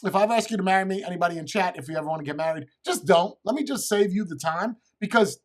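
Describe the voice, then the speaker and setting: A man's voice: sits high, lively intonation, quick pace. A middle-aged man telling crude, rambling comic stories to a live chat and swearing constantly. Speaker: comedian streamer.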